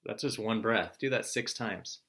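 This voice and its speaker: A man talks to his students in a recorded morning message. He is calm and encouraging, the way a teacher sounds when he walks a class through the day's work. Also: fairly low pitch, moderate pace. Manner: relaxed, encouraging, explains step by step.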